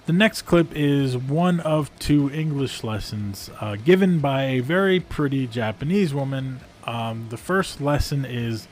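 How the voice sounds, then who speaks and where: A man's voice: mid-range voice, lively intonation, unhurried, few pauses, darkish tone, a little hiss or hum. A man giving a casual, rambling review of video clips, amused and full of fillers. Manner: amused, rambling, frequent ums and uhs.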